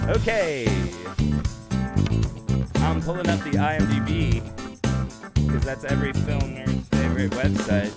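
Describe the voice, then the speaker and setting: A man hosting a casual live-streamed movie talk show, rambling and laughing as he talks. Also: lowish voice. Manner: animated, laughing, rambling with restarts.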